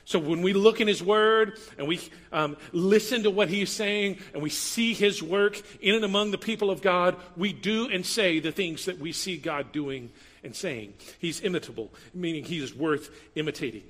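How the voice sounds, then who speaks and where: Male pastor, lively sermon delivery, bright forceful tone, slightly high voice, long hall reverb. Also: moderate pace, hardly any pauses. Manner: animated preaching, swings from loud emphasis to quiet asides.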